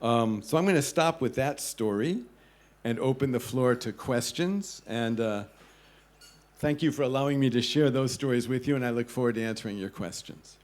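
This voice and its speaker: Animated man telling a travel story. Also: mid-range voice, moderate pace. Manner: animated storyteller acting out quoted voices. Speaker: travel writer giving a talk. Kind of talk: storytelling talk to a live audience. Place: club event hall.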